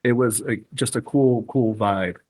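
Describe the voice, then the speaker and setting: A man who is a guest on a podcast, recounting events in casual chat with excitement and frequent swearing. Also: mid-range voice, a little slow, slight background noise.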